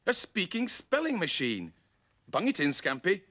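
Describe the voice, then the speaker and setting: A man voicing an eager little male bear puppet who builds gadgets, brisk and enthusiastic. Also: high voice, wildly swooping pitch, sharp tone, pitched above the performer's own voice, full character voice. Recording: hissy old VHS tape.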